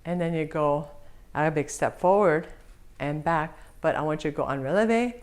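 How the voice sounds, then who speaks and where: A woman's voice: low voice, moderate pace, darkish tone. A woman teaching an online belly dance lesson. She talks cheerfully, laughs often and counts out the moves while humming the music as "da da da".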